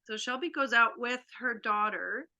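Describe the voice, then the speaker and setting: A woman hosting an online workshop, telling a family story in a lively way over a video call. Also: a little high, normal speed, muffled recording. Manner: animated, acts out a child's panic. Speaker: workshop host.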